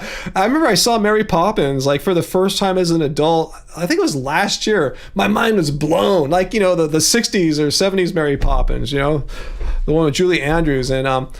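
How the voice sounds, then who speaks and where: A man with a fairly high voice chats loosely on a livestream. He rambles from point to point and chuckles often. His asides are animated. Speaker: livestream host. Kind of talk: casual livestream chat.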